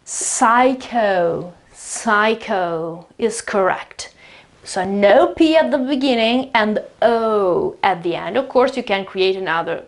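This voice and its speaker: Standing by a whiteboard, an Italian woman with a medium-pitched, expressive voice and Italian accent teaches English pronunciation. Her native language is Italian, and she chats through explanations while demonstrating words with slow repetition.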